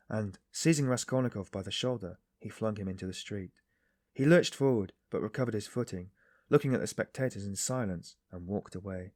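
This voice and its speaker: Male narrator, measured reading, deep-ish tone. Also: darkish tone, no echo, studio quality. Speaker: audiobook narrator. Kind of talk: scripted narration.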